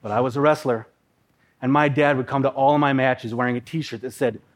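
A man in his thirties from the upper Midwest, telling a personal story on stage in a vivid, dramatic way with pauses. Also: mid-range voice, fairly even intonation. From Minnesota, USA. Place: live talk on a stage.

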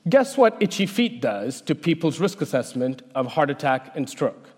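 A man, a researcher, giving a prepared talk in a measured, explanatory way. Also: fairly high pitch, big pitch swings, darkish tone, husky. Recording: long hall reverb.

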